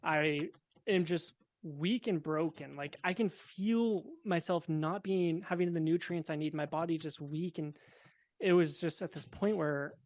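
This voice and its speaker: A young man, a podcast guest, telling a personal story in a relaxed, casual way with wry, deadpan dark humor. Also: on the high side, measured pace.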